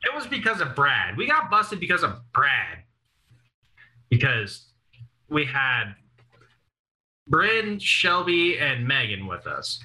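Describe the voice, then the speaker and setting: A man's voice: medium pitch, huge pitch swings, slow, long pauses, bright, forceful tone, low-quality recording. A young man casually telling rowdy stories, swearing freely and acting out what people said. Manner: profane, laughing storyteller acting out quotes. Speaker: podcast guest. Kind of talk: casual storytelling.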